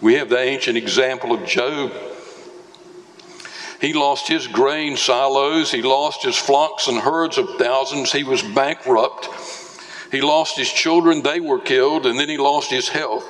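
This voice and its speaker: A man preaching a sermon as pastor, slow and emphatic, with dramatic swings in pitch. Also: fairly bright tone, a little hiss or hum. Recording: long reverb of a large hall.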